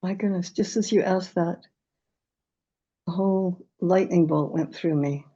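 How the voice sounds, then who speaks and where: A woman, a medium and author, telling stories calmly and reflectively in an interview, with small stumbles. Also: lowish voice, a little slow, husky, lo-fi sound. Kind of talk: conversational interview.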